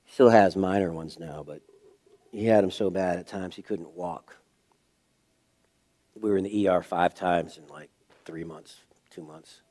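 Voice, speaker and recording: A man's voice: sits low, a little slow, pauses often. Male pastor telling a personal story. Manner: personal storytelling, swings from hushed to raised and emphatic. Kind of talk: sermon. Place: church.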